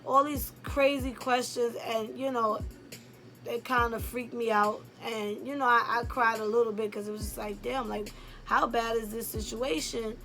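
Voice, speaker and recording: A woman's voice: a little high, steady tone, normal speed, fairly bright tone, soft background music. Candid young woman. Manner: candid and rambling, heavy on "like" and "um". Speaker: YouTuber telling a personal story. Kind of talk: casual storytime.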